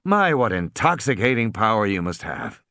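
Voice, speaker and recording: A man's voice: lowish voice, sing-song, normal speed, a bit bright, no room sound, studio quality. A man doing a scornful weary lecturer.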